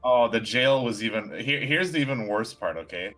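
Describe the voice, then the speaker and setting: Animated man telling a story. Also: mid-range voice, moderate pace, soft background music. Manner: animated storytelling, frequent restarts and swearing. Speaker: tabletop game player. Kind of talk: casual chat, anecdote.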